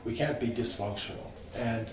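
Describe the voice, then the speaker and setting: A man teaching a small group about scripture, informal and animated, asking his listeners questions. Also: medium pitch, normal speed, echoey room, far from the mic, a crowd in the background, poor audio. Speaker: priest teaching a catechism class.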